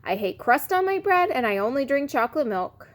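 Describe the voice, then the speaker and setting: A woman's voice: sits high, very animated, brisk, voice pushed up. A woman voicing a fussy, whiny six-year-old boy in a storybook read-aloud. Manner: whining, boastful.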